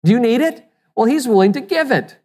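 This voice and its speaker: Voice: mid-range voice, expressive, fairly quick, darkish tone, long reverb tail. A pastor preaching a sermon with emphasis, asking the listeners rhetorical questions and sometimes repeating words as he restarts.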